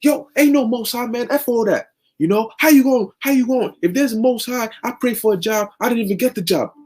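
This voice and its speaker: A man voicing an angry, carnal-minded man who rants and curses after losing a job chance. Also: a little fast. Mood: furious. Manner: cursing, ranting, high-pitched yelling.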